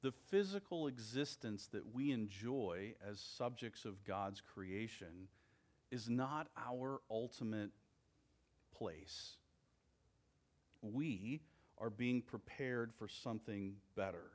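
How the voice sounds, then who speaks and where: A man preaching a sermon as a pastor, earnest and measured, with deliberate pauses. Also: fairly low pitch, expressive.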